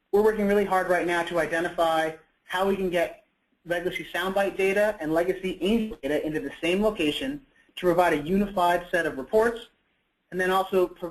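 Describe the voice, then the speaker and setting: A man's voice: high-pitched, low-quality recording. A man presenting a product in a webinar, talking conversationally with frequent fillers and self-corrections.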